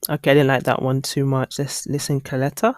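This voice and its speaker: Man talking through a software tutorial. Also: mid-range voice, flat delivery, brisk, dry recording, clean studio sound. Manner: casual, thinking aloud with frequent ums. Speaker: online course instructor. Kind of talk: screen-recorded tutorial walkthrough.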